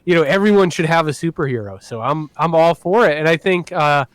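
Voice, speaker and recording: A man's voice: fairly high pitch, fairly quick, no echo. A man co-hosting a casual podcast, enthusiastic and rambling with lots of fillers. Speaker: podcast co-host.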